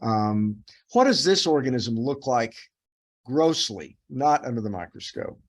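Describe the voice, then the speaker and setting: A man's voice: medium pitch, big pitch swings, unhurried. A middle-aged man, a dermatopathologist, reviewing cases with a resident, talking in a loose, rambling way with many fillers and restarts. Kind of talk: case review teaching.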